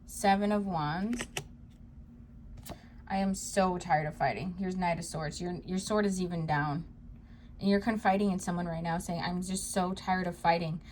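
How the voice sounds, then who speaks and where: A woman giving a tarot card reading to her viewers, talking to them directly in a soft, reassuring way. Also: fairly low pitch, normal speed, long pauses, slight background noise. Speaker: psychic tarot reader.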